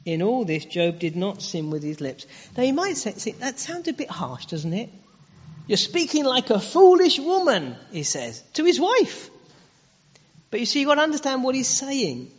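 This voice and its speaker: A man's voice: very high voice, sing-song, normal speed, husky. A man preaching a sermon, explaining earnestly and posing rhetorical questions. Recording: dull lo-fi audio with long hall reverb.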